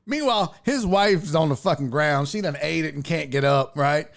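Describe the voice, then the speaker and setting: A man's voice: normal speed, vocal fry, hardly any pauses. A man hosting a show, casually commenting on a video with profane jokes and mimicking the people in it. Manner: animated, profane, mimics people in high voices. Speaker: show host.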